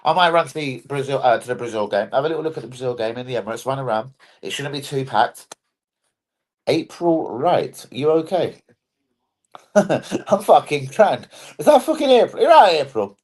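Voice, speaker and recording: A man's voice: medium pitch, expressive, a little fast. A young man hosting a football fan live stream, chatting in a sweary, jokey, rambling way. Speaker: football fan channel host. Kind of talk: casual live-stream chat.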